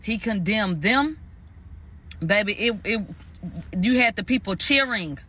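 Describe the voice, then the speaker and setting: Recapping a court verdict, a male commentator gets heated, swearing and repeating phrases for emphasis. He has a high, animated voice with a sharp tone and speaks a little slowly.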